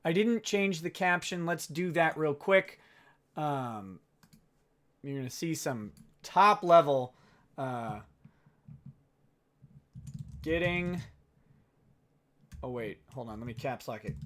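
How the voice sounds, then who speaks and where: A man's voice: a little high, animated, takes it slowly, pauses often, fairly bright tone. A man hosting a casual livestream, sarcastic and self-mocking, often breaking into laughter. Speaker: livestream host.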